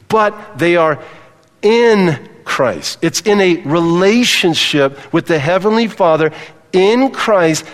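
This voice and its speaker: A man's voice: a little high, in a large hall. A male pastor preaching a sermon, emphatic, repeating key phrases and calling on the congregation to respond.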